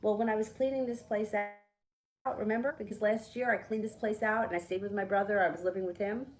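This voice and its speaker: A middle-aged woman, a tarot reader chatting casually on a live stream, telling a story with lively, swearing asides. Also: mid-range voice, a little fast, poor audio.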